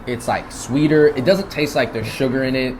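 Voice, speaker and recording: A man's voice: mid-range voice, normal speed, slight background noise. Laid-back young man chatting over dessert. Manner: laid-back, agreeable, talks while eating. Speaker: web video host. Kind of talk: casual interview chat. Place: dessert shop.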